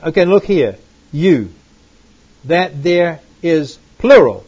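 A man with a slightly high, husky voice lecturing on scripture to a class, leaning hard on key words and tagging questions like "right?" onto his points. The recording is muffled and lo-fi. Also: expressive, takes it slowly, pauses often, darkish tone. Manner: emphatic, repeats words for stress, asks "right?" and "okay?". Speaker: Bible teacher. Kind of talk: classroom-style lecture with slides.

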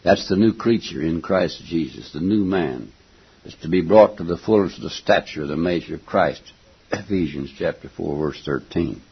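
An older man preaching a folksy, emphatic sermon, stopping now and then to clear his throat and going back over his words. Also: low voice, normal speed. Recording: dull lo-fi recording.

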